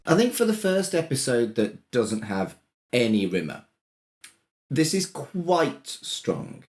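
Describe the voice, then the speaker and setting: A man's voice: medium pitch, big pitch swings, slow pace, darkish tone. A man co-hosting a podcast in casual chat, laughing often and swearing freely. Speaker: podcast co-host.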